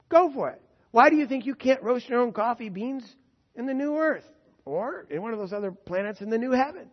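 A man's voice: very high-pitched, lively intonation, fairly quick. A man preaching to an audience in an enthusiastic, conversational way, asking them questions directly. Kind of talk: sermon on heaven and the new earth. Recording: muffled sound with long hall reverb.

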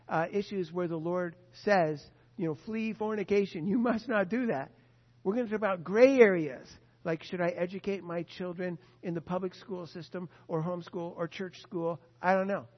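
A man preaching a sermon, earnest and emphatic, repeating his key points. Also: sits high. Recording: dull lo-fi sound with long hall reverb.

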